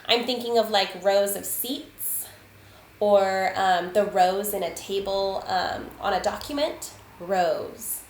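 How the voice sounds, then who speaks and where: A woman teaching a spelling lesson to children, patient and deliberate, sounding out letters and counting aloud. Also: mid-range voice, steady tone. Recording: echoey room, faint ambient noise.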